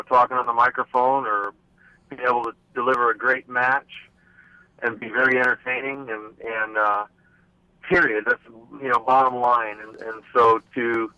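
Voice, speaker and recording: A man who is a former wrestler speaks as a guest, often restarting his words. His voice is bright and a little tense. He is heard over a dull, dry phone line. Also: mid-range voice, no echo. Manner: hesitant, restarts phrases. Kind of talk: casual interview chat.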